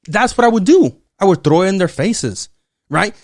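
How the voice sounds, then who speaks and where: Animated, profane man. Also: high voice, moderate pace, dry recording, clean studio sound. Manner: animated, profane, joking, acts out mock dialogues. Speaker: podcast host. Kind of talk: casual commentary monologue.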